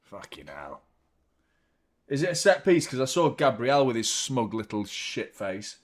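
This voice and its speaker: Excitable sweary man hosting a watchalong. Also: mid-range voice, measured pace. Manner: excitable, swears freely, chatty with the live chat. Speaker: host of a football watchalong stream. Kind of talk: live match commentary and chat with viewers.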